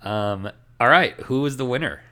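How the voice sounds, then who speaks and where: A man's voice: medium pitch, lively intonation, normal speed, pushed and bright. A man co-hosting a podcast in casual, joking chat, often breaking into laughter. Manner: joking, laid-back, trailing off into laughs. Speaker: podcast co-host.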